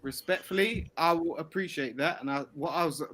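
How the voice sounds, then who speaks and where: A man, a guest on a live panel, talking defensively and haltingly. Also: a little high, a bit bright, rough recording. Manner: defensive, halting, with many restarts. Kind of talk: heated live panel talk.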